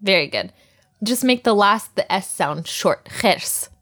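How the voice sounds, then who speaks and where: A woman's voice: mid-range voice, lively intonation, measured pace, fairly bright tone. A woman teaching vocabulary to a learner, patient and encouraging, often laughing. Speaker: language teacher.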